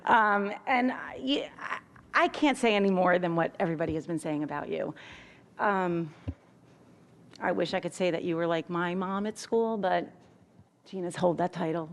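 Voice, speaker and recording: A woman's voice: on the low side, moderate pace. A middle-aged woman teacher giving an unplanned, rambling farewell to a retiring colleague, laughing and fighting back tears. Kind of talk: impromptu farewell speech. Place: school board meeting room.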